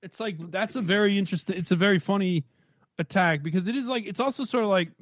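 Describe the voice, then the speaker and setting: A man's voice: sits high, quick pace, no room sound. A man with a slightly raised voice rambles through casual stream commentary, restarting his thoughts often. His voice sounds muffled and close, with no room around it. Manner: rambling, discursive, many restarts.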